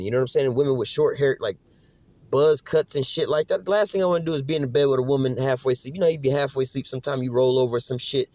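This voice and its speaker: A man in his own casual commentary, talking fast and rambling through restarts. His voice sits at a middle pitch. His speech is slangy and peppered with profanity, and the recording is dry with no room sound. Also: darkish tone, no echo. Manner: slangy and profane, keeps adding "man" and "you know what I'm saying".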